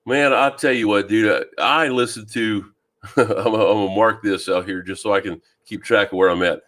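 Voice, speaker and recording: A man from Louisiana hosting a fishing live stream, chatting casually and greeting viewers by name with a deep voice and plenty of ums. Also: fairly even intonation, moderate pace, fairly bright tone. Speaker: fishing channel host. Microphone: new microphone.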